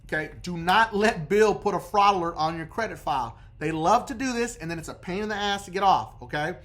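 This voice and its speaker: A man's voice: sits high, expressive, brisk, fairly bright tone. Emphatic man coaching viewers. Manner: emphatic, keeps checking in with the viewer. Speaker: credit repair coach. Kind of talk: casual instructional video.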